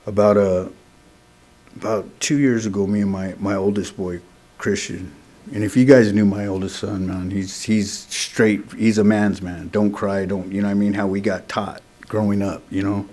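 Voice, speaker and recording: This is a middle-aged man with a fairly low voice. He shares his story at a meeting in a loose, earnest, conversational way, peppering his sentences with "man" and "you know". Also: flat delivery, normal speed, dark tone. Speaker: AA meeting speaker. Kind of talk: sharing a recovery story at a meeting.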